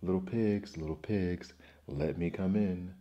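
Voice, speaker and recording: The big bad wolf growls his threats slowly and low, as a man does the voice in hushed whispered role-play. Dark and muffled, the menace stays soft enough for sleep. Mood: menacing. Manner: growling, drawn-out.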